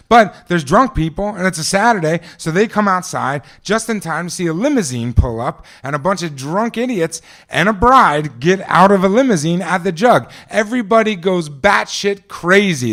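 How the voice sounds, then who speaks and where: A man's voice: high voice, animated, moderate pace, hardly any pauses, a bit bright. A man from New Jersey telling a vivid first-person story on stage at a live event, talking conversationally with frequent restarts and asides.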